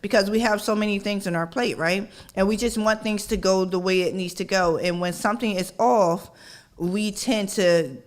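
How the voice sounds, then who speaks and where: A middle-aged woman hosting a parenting radio show in a casual, conversational way. She keeps checking in with "right?" and acts out her own yelling. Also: mid-range voice, fairly even intonation, moderate pace. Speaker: podcast host. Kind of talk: casual talk-radio monologue.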